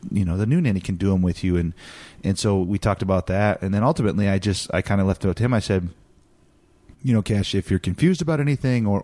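A man in his thirties calmly talking through how he handled his son's sadness, with frequent restarts. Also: sits low, no room sound. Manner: calm, reflective, many restarts. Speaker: podcast co-host, father. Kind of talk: casual chat.

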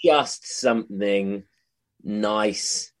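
A man's voice: fairly low pitch, very slow. London man joking around on a call. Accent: London English. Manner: joking, self-aware, laughs often, animated asides. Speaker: comedian guest. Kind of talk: casual interview chat. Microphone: online video call.

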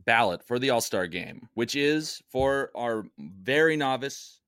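A man's voice: medium pitch, animated, unhurried, a bit bright, clear, resonant tone, dry recording, clean studio sound. A man co-hosting a casual podcast, explaining things in an upbeat, enthusiastic way. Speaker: podcast co-host.

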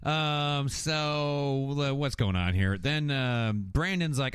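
A man's voice: mid-range voice, slow, smooth, no room sound. A man casually recapping a TV episode, acting out the characters' lines as he goes. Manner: animated storytelling, acting out characters' lines with swearing and laughter. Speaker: podcast co-host recapping a TV episode. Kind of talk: casual chat.

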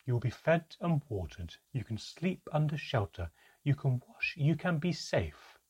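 Audiobook: man playing an eerie, aloof female elf; calm, measured, husky, a little high, deliberate pauses. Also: exaggerated voice. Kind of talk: audiobook character reading.

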